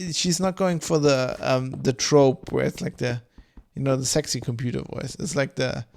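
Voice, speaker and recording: A man's voice: mid-range voice, vocal fry. A man streaming a game, rambling in loose, casual chat full of swearing and fillers. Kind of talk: casual chat while gaming.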